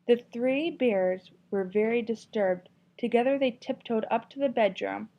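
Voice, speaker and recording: A woman's voice: fairly high pitch, moderate pace, hardly any pauses, dark tone. A woman teacher reading a children's story aloud with expression, then asking a class encouraging questions about it. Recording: dull lo-fi recording.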